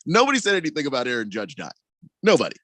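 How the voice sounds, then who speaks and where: A man co-hosting sports radio, pushing back insistently against the other hosts. His voice rises and falls a great deal as he talks. The dry studio sound keeps him close and clear. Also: medium pitch, wildly swooping pitch, very fast, sharp tone, dry recording. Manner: argumentative, insistent. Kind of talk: casual sports radio banter.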